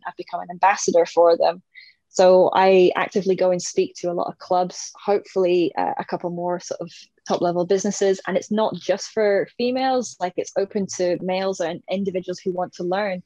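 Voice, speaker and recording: A woman's voice: lowish voice, dark tone, no room sound, muffled recording. A woman in her thirties, talking as an interview guest in a casual, chatty way, laughing often and playing out little voices. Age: 30s.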